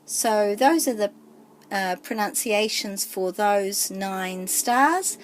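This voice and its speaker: A woman, teaching a pronunciation lesson with slow, careful enunciation. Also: medium pitch, a little hiss or hum. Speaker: te reo teacher and author.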